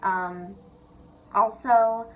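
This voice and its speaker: A woman's voice: medium pitch, fairly even intonation, very slow, fairly bright tone, a little hiss or hum, rough recording. A young woman vlogger rants casually and confessionally, chatty and sweary, leaning on "like" and "literally". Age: young adult.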